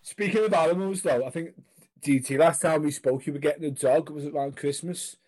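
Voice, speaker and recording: A man's voice: on the high side, a little fast, darkish tone. A man co-hosting a casual podcast, jokey and teasing, laughing often. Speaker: podcast co-host.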